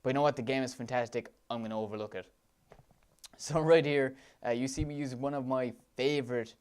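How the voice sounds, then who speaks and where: Enthusiastic Irish man with a smooth voice. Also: mid-range voice, steady tone, brisk, a little mellow. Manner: enthusiastic, gushing with praise. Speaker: let's play commentator. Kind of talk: gameplay commentary over footage.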